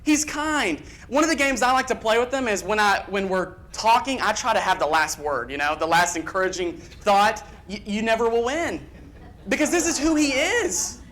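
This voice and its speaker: A man's voice: high voice, expressive, a bit bright. Earnest man preaching a church sermon. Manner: earnest, emphatic delivery with quick bursts and repeated phrases. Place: church sanctuary.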